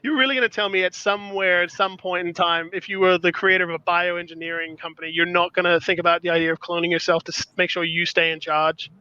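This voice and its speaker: A man chatting as a podcast guest, excitable and rambling, often breaking into laughter. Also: a little high, fast talker, few pauses, smooth. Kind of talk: casual chat. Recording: dull lo-fi dry sound.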